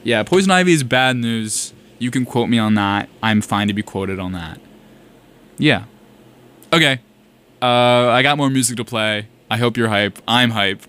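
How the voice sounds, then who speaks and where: A man's voice: mid-range voice, measured pace, a bit bright, clear, resonant tone. A young man from South Carolina hosting a college radio show, chatting casually in a rambling, self-correcting, enthusiastic way.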